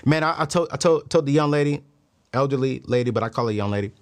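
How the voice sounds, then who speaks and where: A man in his thirties hosting a podcast, telling stories and giving money and faith lessons in an animated, preacher-like way with emphatic repeats. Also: medium pitch, fast talker. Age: 30s. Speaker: podcast host. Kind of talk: motivational talk on money and faith.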